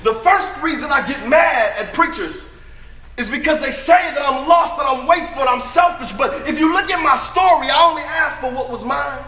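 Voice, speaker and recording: A man performing a dramatic first-person monologue as a brash, boastful young prodigal son, emphatic and often shouting. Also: extremely high pitch, normal speed, reverberant.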